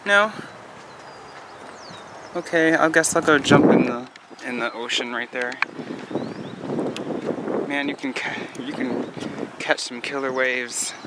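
Heavy background noise surrounds a medium-pitched man in his twenties as he films a jokey outdoor vlog on a nature trail. He's goofy, self-mocking and rambling.

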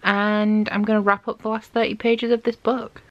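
A woman's voice: mid-range voice, little pitch movement, moderate pace, muffled recording. A young woman chatting casually in a book diary, gushing about what she reads and saying "like" a lot. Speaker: book vlogger.

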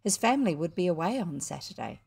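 Expressive New Zealand woman reading aloud. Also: on the low side, fast talker, gravelly, breathy edge. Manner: expressive, chatty asides to listeners. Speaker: audiobook reader. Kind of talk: storybook reading with asides.

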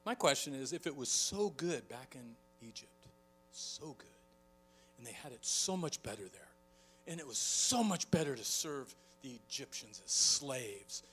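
A man preaching a sermon in a church, telling a story with lively energy and acting out the people in it. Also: medium pitch, unhurried, soft background music. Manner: animated storytelling, acting out shouts. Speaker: pastor.

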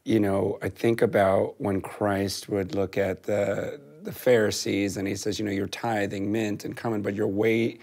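A man's voice: fairly low pitch, darkish tone. A man as a guest in a round-table discussion, asking searching questions tentatively, with many fillers and restarts.

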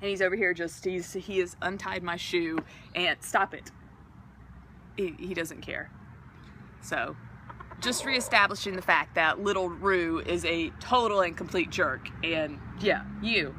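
A woman's voice: fairly low pitch, expressive, moderate pace, pushed and bright, slight background noise. A young woman vlogging outdoors in her backyard on a handheld phone, laughing and scolding a pet chicken between stories. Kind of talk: casual vlog chat.

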